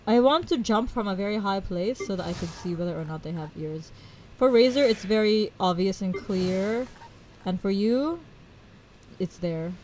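A woman's voice: medium pitch, animated, normal speed, darkish tone, slight background noise, poor audio. Giggly, chatty young woman streamer. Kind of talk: casual game stream chat.

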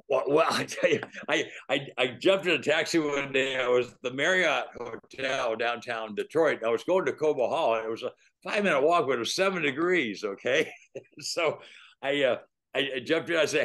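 Older man telling lively faith stories. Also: mid-range voice, moderate pace. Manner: animated, laughs often while telling stories. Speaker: guest evangelist. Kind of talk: storytelling testimony.

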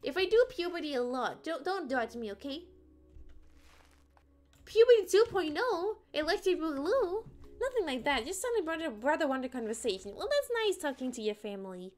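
A woman's voice: high voice, very animated, fairly quick, darkish tone, faint music behind. A woman streamer chatting playfully and rambling as she plays, often singing little ditties to herself. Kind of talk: casual gameplay chat.

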